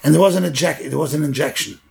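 Gravelly-voiced man preaching with fervor. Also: quick pace, slight background noise. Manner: builds to loud, high-pitched fervor; uses Hebrew and Yiddish terms. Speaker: rabbi. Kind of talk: sermon.

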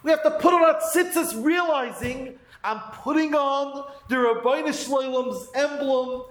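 A man's voice: very high-pitched, unhurried, a bit bright, reverberant, rough recording. A man giving a Torah lesson, earnestly telling a story and weaving Hebrew terms into his talk. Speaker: Torah teacher.

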